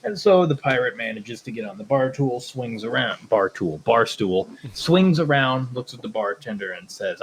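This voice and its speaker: A man's voice: mid-range voice, animated, moderate pace, slight background noise, rough recording. A man co-hosting a podcast, chatting casually and laughing as he tells a long groaner joke. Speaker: podcast co-host. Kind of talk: casual chat.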